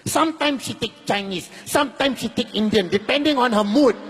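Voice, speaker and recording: Animated Malaysian man doing stand-up. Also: very high voice, big-room sound, noisy background. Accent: Malaysian English. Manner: animated, repeats words rapidly, mixes in Malay. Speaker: stand-up comedian. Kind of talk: stand-up comedy.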